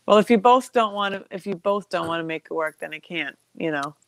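A woman's voice: lowish voice, brisk, no room sound. A woman co-hosting a podcast, a reassuring and sympathetic listener in casual chat. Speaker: podcast co-host.

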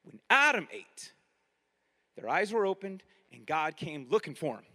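A man preaching a sermon in a lively, conversational way, often turning to ask his listeners questions. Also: on the high side, unhurried, long reverb tail. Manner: animated, conversational, asks the audience directly.

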